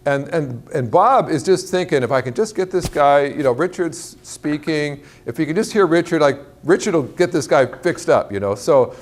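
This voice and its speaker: A man preaching to a large church crowd, telling a story with lively acted-out quotes and a lot of pitch jumps. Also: normal speed, hardly any pauses, a little hiss or hum. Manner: animated storyteller, acts out quotes in a higher voice. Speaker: guest speaker. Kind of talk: sermon storytelling. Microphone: clip-on mic.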